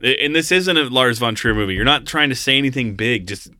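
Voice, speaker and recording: A man's voice: medium pitch, lively intonation, fast, bright, forceful tone, no echo, studio quality. A man co-hosting a podcast, reviewing a film in blunt, exasperated casual chat with some swearing. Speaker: podcast co-host.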